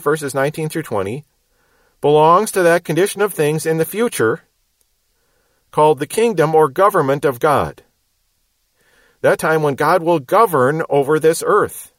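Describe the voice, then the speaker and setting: A man teaching the Bible verse by verse, explaining word meanings in a measured, emphatic way. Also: a little high, no room sound.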